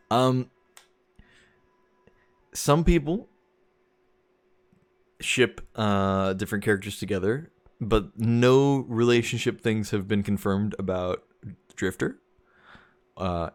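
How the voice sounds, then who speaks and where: A young man streaming a game, chatting casually and rambling, often chuckling at his own jokes. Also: fairly low pitch. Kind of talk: casual gameplay commentary.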